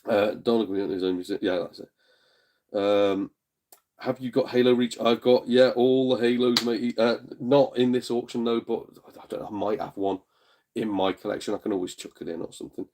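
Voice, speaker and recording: A man's voice: on the low side, fairly even intonation, normal speed, a little mellow. A man hosting a casual live stream from his front room, chatting to viewers in a blunt, jokey way, now and then swearing and putting on voices when he retells exchanges. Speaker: streamer and gaming channel host.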